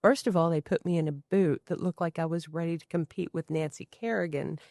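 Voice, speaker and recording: A middle-aged woman, a podcast guest, telling lively personal stories and acting out the voices of people in them. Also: on the low side, a little fast, no room sound, clean studio sound. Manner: animated storyteller, acting out quoted voices. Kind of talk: casual storytelling conversation.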